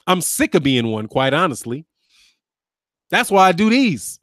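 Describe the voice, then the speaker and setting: A man's voice: a little high, sing-song, unhurried, fairly bright tone, no room sound, studio quality. A man in his fifties, a lawyer hosting a boxing channel, ranting back at viewers with combative, sarcastic name-calling. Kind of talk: ranting commentary replying to viewers.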